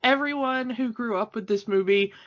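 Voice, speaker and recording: A woman's voice: on the high side, moderate pace. A woman co-hosting a podcast in casual chat, talking freely with frequent fillers and laughs. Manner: chatty, laughing often, many fillers. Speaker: podcast co-host. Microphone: home microphone, remote call. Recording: dull lo-fi audio.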